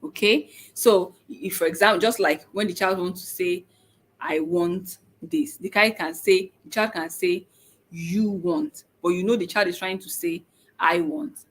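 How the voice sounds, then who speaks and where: A woman explaining language strategies to parents in an informal teaching talk, patient and halting, often pausing with "um" and checking in with "okay?". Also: lowish voice, fairly even intonation, fairly bright tone. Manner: patient, repeats points, frequent "okay?" check-ins; halting, with many "um" pauses. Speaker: speech and autism educator.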